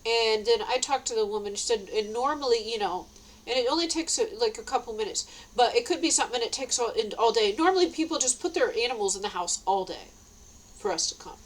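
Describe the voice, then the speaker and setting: Middle-aged woman, high-pitched, ranting vlog monologue, agitated and profane. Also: animated, quick pace, low-quality recording. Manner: agitated, swearing, rambling with restarts. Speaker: vlogger.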